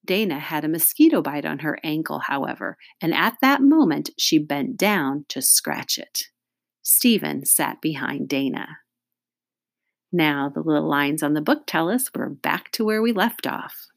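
Woman calmly reading a children's book. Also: sits low, unhurried, no room sound, studio quality. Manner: steady, clear storytelling with asides. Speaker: reader.

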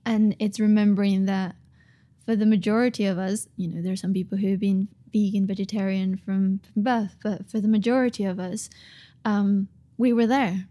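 Woman, podcast guest, warm mellow voice, earnest and reflective, halting casual delivery. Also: mid-range voice, fairly even intonation. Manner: thoughtful, earnest, many ums and restarts. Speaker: author and guest.

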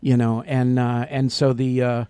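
A man's voice: medium pitch, little pitch movement, measured pace, mellow, smooth, no room sound, studio quality. A man co-hosting a casual talk show, playful and teasing, telling jokes. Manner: playful, teasing, tells jokes with put-on voices. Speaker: co-host.

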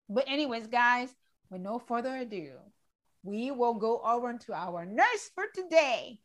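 A woman hosting a casual online chat show, effusive and gushing with excitement about her guest. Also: on the high side. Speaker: show host.

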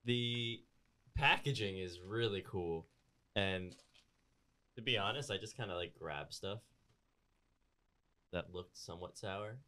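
Laid-back low-voiced man. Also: slow pace, pauses often, pushed and bright. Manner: laid-back, swears casually. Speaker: co-host. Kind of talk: casual chat.

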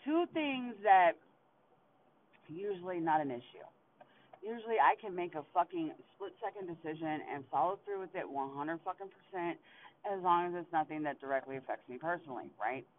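A young man hosting a podcast, venting in a frustrated, profane monologue full of halting restarts while sitting in his car. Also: sits high. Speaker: podcast host. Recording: tinny phone-like recording with faint hiss.

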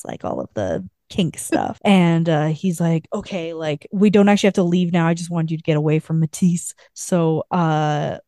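A woman's voice: deep voice, lively intonation, normal speed, few pauses, dark tone, dry recording, studio quality. A woman co-hosting a podcast, casually recapping a book in a rambling way with lots of filler words. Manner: rambling retelling full of "like" fillers. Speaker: podcast co-host.

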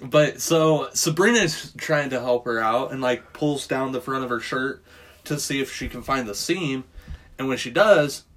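A man's voice: mid-range voice, moderate pace, a bit bright. A man in casual chat, recapping a film plot in a rambling way, swearing freely. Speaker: podcast co-host recapping a film.

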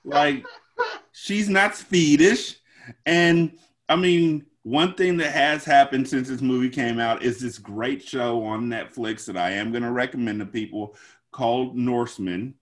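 A man's voice: mid-range voice, fairly even intonation, unhurried. Joking, slangy man on a podcast. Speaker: podcast co-host. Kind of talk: casual movie discussion.

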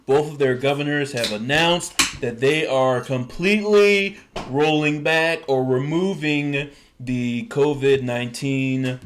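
A man hosting a casual podcast chat, animated and building into exasperated rants. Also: mid-range voice, unhurried, a little hiss or hum. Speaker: podcast host.

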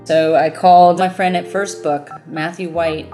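In an interview, a woman who founded a mobile book bus tells her story, laughing and acting out what people said to her. Her voice sits fairly low and moves a little slowly, with faint music in the background.

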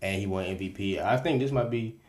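Deep voice dude rattling off sports takes quick, mostly agreeing. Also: male voice, a little mellow. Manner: agreeable, quick back-and-forth. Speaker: podcast co-host. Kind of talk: casual sports chat.

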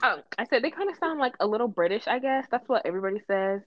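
Lively woman host on a dull, dry mic. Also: fairly high pitch, quick pace, no room sound. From Minnesota. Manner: animated, many "like" fillers. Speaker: podcast host. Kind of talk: casual podcast chat.

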